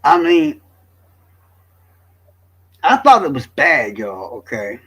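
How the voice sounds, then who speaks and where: Profane high-voiced man. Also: very animated, takes it slowly, a bit bright, breathy edge. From Florida. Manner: profane, rambling, joking. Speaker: streamer. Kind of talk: crude casual commentary.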